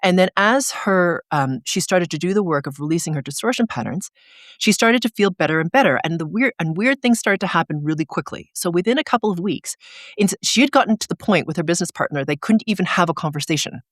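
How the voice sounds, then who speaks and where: An energy coach speaks as an interview guest, explaining and telling stories in a casual, lively way. The voice sits at a middle pitch and is often padded with "like". The sound is dry, with no room echo. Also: quick pace. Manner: animated storyteller, frequent "like" fillers.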